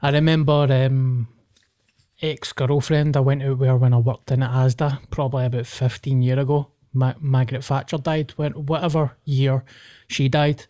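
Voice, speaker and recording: A man's voice: medium pitch, flat delivery, moderate pace, mellow, no room sound, clean studio sound. A Scottish man talking bluntly and swearing in casual podcast chat. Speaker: podcast co-host.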